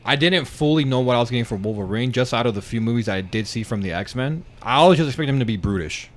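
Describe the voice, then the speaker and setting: Young guy guesting on a podcast, hesitant, low-key, middle-pitched voice. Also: animated, fast talker. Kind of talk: casual chat.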